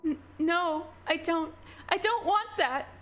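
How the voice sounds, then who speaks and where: A woman's voice: takes it slowly, fairly bright tone, full character voice. A woman doing a frantic pleading young woman. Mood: desperate. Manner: shrill, breathless, begging.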